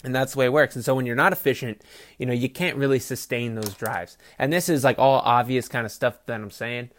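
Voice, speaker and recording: A man's voice: medium pitch, fairly even intonation, a little fast, fairly bright tone. A man hosting a sports podcast, rambling casually and swearing freely while he gives his opinions, recorded on a phone. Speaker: podcast host.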